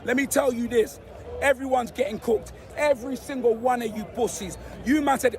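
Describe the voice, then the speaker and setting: A man with a hoarse, nearly lost voice, loudly roasting rival football fans in street slang. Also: extremely high pitch, normal speed, a faint crowd. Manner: loud, shouty, slang-heavy roasting. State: hoarse, voice almost gone.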